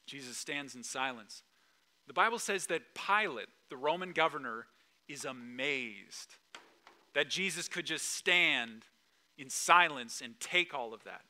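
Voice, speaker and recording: A man preaching a sermon, retelling a Bible story with acted-out quotes and hushed, solemn pauses. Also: mid-range voice, animated. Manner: storytelling, acts out quoted lines, drops to a hush at solemn moments. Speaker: pastor.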